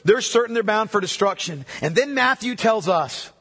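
A man with a very high, husky voice preaches a sermon, talking to the congregation like a friend. He drops to hushed, slow phrases, then presses with emphatic ones. His voice rings with the long reverb of a large hall. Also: lively intonation. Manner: conversational, swings from hushed to emphatic.

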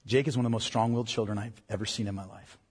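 A pastor preaching a sermon to parents in an earnest, emphatic way. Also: male voice, fairly low pitch, fairly even intonation, rapid-fire, darkish tone, husky. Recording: long hall reverb.

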